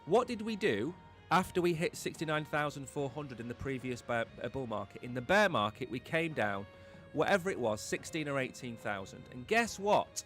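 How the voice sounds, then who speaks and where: A man's voice: medium pitch, animated, moderate pace, fairly bright tone, faint music behind. A man hosting a live-stream crypto market show, talking in an emphatic, blunt, opinionated way.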